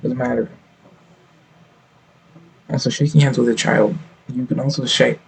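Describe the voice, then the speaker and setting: Gravelly man ranting bluntly. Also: mid-range voice, steady tone, a little slow, a little hiss or hum, low-quality recording. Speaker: streamer reacting to videos. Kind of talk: reaction commentary.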